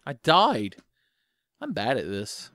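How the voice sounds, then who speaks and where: A man's voice: mid-range voice, huge pitch swings, takes it slowly, noisy background. A man hosting a late-night gaming show, giving profane, sarcastic let's-play commentary, a bit tipsy from drinking. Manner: profane, sarcastic, bursts into yelling.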